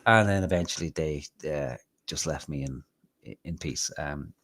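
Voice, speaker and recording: A man's voice: extremely low pitch, measured pace. An Irish man hosting a live show, telling rambling anecdotes with plenty of swearing. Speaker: host. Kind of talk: casual live-stream chat, storytelling.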